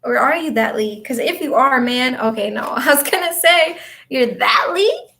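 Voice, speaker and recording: A talkative woman with a slightly high voice, chatting loosely to her viewers as she sorts through her things. Her talk rambles from one thought to the next, and she stops now and then to answer comments from the audience. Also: lively intonation, moderate pace, gravelly, pushed and bright. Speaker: vlogger and spiritual coach. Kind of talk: casual chat to viewers while tidying.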